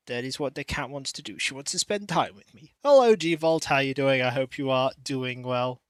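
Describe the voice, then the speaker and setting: Before a stream, a man chats casually with viewers from home and coos and baby-talks to his cat. He's chatty, with a medium-pitched, clean voice at normal speed and no echo.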